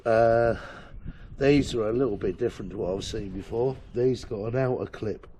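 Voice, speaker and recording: A man with a hoarse, croaky throat hosting a casual repair video, explaining the job in a laid-back way with lots of fillers. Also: medium pitch, moderate pace. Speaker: host doing vehicle repairs. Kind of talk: casual how-to narration. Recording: loud background noise with clicks.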